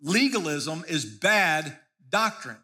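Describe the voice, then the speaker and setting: Male pastor with a high, bright voice, preaching casually and often repeating himself mid-sentence. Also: sing-song, slow. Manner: conversational preaching with frequent restarts and repeated words. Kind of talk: sermon.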